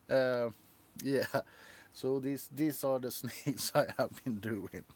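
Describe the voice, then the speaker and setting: Slow giggly guy chatting on his stream, rambly, average pitch. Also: a little mellow. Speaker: livestream host. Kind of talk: casual livestream chat.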